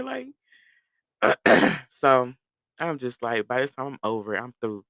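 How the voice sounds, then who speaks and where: A man telling a long personal story to his viewers in a loose, animated, profane way, laughing as he goes. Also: medium pitch, takes it slowly, creaky, pauses often, no room sound. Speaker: vlogger. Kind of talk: casual storytelling.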